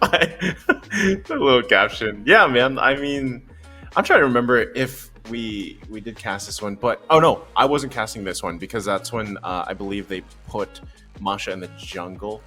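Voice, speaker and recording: A man's voice: lowish voice, moderate pace, bright, forceful tone, soft background music. A man, an esports caster, talking in an upbeat, rambling way on a recap panel. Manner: upbeat, rambling, many fillers. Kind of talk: casual panel chat.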